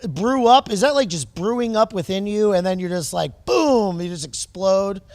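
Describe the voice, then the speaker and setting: A man hosting a podcast, asking questions in a rambling, halting, enthusiastic way. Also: high-pitched, no echo. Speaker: podcast host. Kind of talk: casual podcast interview.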